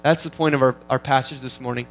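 A man's voice: mid-range voice, steady tone, fast, faint music behind, low-quality recording. A man preaching an expository sermon in an earnest, teaching manner, often restarting phrases as he works through the text. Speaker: pastor.

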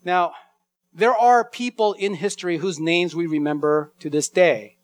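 A man preaching an expository sermon, slowing down to read scripture lines with weight and emphasis. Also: high-pitched, fairly even intonation, no echo. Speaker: pastor.

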